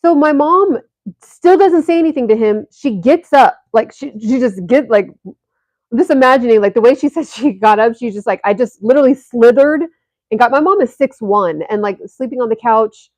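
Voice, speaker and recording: A woman's voice: fairly high pitch, expressive, normal speed, no room sound. A woman vlogger telling a story to her viewers in a casual, rambling way, full of fillers and restarts.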